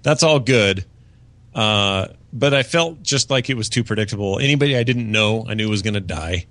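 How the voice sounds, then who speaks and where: This podcast co-host is a man whose lowish, slightly bright voice has lively intonation at a normal speed. Chatting casually about a TV season, he rambles with frequent fillers and restarts, recorded dry on a studio mic.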